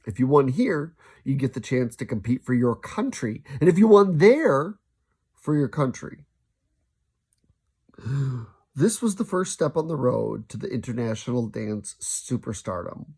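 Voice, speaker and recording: A man reading a children's novel aloud, lively, now and then stumbling and restarting a sentence. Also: medium pitch, unhurried, creaky, breathy edge. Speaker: storybook reader.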